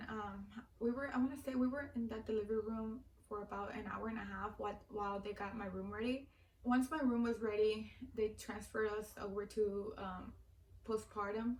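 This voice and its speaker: A woman's voice: medium pitch, darkish tone, roomy sound, distant mic, a little hiss or hum, low-quality recording. A young woman in her twenties telling a personal story in a casual, heartfelt way, full of fillers and a little teary. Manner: filler-heavy, heartfelt, repeats "like". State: teary-eyed. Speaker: vlogger.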